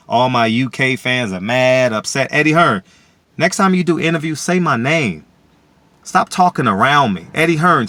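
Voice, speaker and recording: A man giving opinionated solo commentary to camera, boastful and repetitive, now and then bursting into loud shouts. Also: mid-range voice, gravelly. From DC area, USA. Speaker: vlogger and boxing commentator.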